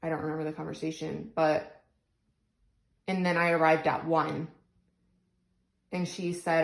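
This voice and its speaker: A woman's voice: sits low, level tone, unhurried, gravelly, pauses often, roomy sound, low-quality recording. Frustrated woman venting, near tears. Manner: tearful, rambling, frustrated venting. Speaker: single mom vlogger. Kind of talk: emotional venting vlog. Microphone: phone.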